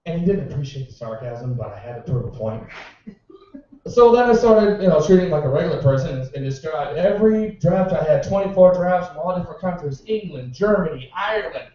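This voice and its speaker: At a bar's open-mic night, a man does a stand-up set of sarcastic, profane stories about his bartending customers. His voice is a little high, brisk and warm with lively intonation, heard in an echoey room through a distant, dull mic.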